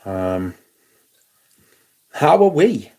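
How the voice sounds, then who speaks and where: A man's voice: fairly high pitch, big pitch swings, extremely slow, a little mellow. A man hosting a casual live stream, chatting wryly and greeting viewers by name. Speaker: livestream host.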